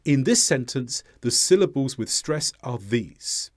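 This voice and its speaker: A man teaching English pronunciation, explaining clearly and modelling sounds aloud. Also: medium pitch, big pitch swings, a little slow, no room sound, clean studio sound. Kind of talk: instructional lesson narration.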